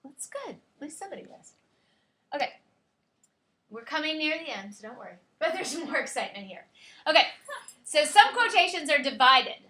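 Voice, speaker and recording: Woman teacher lecturing a class; high, bright voice in a roomy, echoing classroom. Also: very animated, normal speed, pauses often. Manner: explanatory, checks in with students. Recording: echoey classroom.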